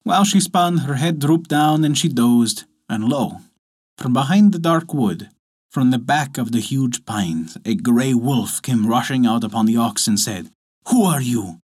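A man narrating a folk tale as storyteller, lively and expressive. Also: medium pitch, measured pace, breathy edge. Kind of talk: scripted narration.

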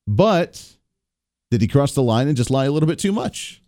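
An American man hosts a political talk radio show in a mellow, warm tone. He argues in an animated, sarcastic way and mocks quotes with put-on voices. The sound is close and dry. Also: mid-range voice, normal speed, dry recording.

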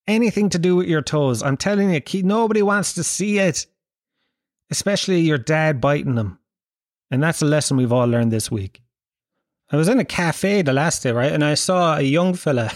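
A man's voice: on the high side, no echo, studio quality. A middle-aged Irish man doing a crude, rambling comedic monologue, acting out voices as he goes.

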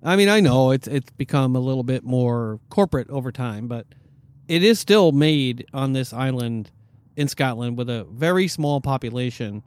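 A man's voice: mid-range voice, lively intonation, normal speed, darkish tone, no room sound. A man hosting a casual podcast and running a quiz, with upbeat, announcer-like cues. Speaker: podcast host and quizmaster. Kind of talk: casual chat.

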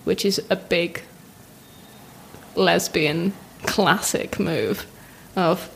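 Young woman guest on a podcast, chatty, self-deprecating, animated. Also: on the low side, very slow, gravelly, slight background noise. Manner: self-mocking, animated, acts out quotes of others. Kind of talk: casual chat.

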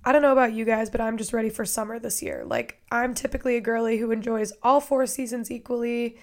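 A woman with a hoarse, raspy voice introduces her podcast episode in a casual, chatty way. Her pitch sits fairly high despite the rasp, and she speaks with an upbeat, gushing warmth about the guests to come. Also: expressive, fast talker. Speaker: podcast host.

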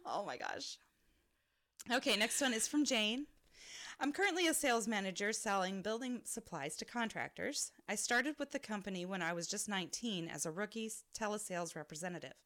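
A woman's voice: medium pitch, animated, brisk, fairly bright tone. A woman co-hosting a podcast, reading listener stories aloud and laughing often as she reads. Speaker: podcast co-host.

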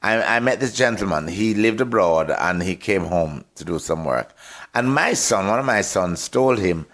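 An older man with a Jamaican accent and a fairly low voice tells stories as a radio guest. His talk is lively and full of laughter, and he repeats words as he goes. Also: normal speed. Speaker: interview guest, actor. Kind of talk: storytelling in a radio interview.

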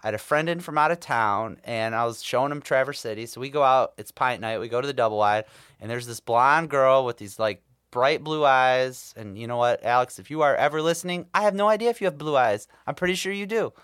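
A man, co-hosting a casual podcast. He tells stories bluntly and swears freely, at an everyday middle pitch. The sound is dry and close. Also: a little fast, a bit bright, smooth, no echo. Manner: blunt and profane, storytelling. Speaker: podcast co-host. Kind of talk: casual chat.

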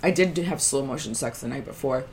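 A woman's voice: a bass voice, fairly quick, a little mellow, a little hiss or hum. A woman co-hosting a podcast in casual chat, crude, blunt and joking. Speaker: podcast co-host.

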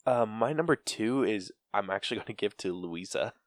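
A man's voice: lowish voice, lively intonation, brisk, dry recording. A man co-hosting a podcast in casual chat, rambling with lots of fillers and laughs. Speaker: podcast co-host.

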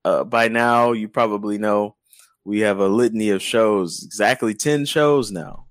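A man's voice: on the low side, a little slow, dry recording. A man co-hosting a podcast in loose, joking casual chat, swearing freely. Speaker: podcast co-host.

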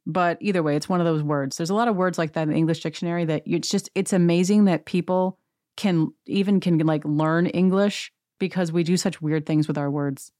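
A woman's voice: fairly low pitch, fairly quick, no room sound, studio quality. Sarcastic woman ranting through a TV recap. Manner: sarcastic, gossipy, animated. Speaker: reality TV recap podcaster. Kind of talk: rant-filled casual recap.

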